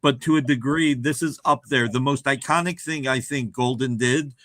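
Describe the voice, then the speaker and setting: Man, bright tense tone, enthusiastic, repeats words, dry recording. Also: medium pitch, moderate pace, no room sound. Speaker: comic art dealer. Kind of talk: casual panel discussion. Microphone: video call.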